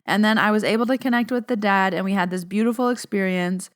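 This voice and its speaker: A woman's voice: medium pitch, fast, smooth. A young woman, a podcast host and medium, casually telling a story in a chatty way, filling her talk with "like". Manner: chatty, says "like" constantly, animated retelling.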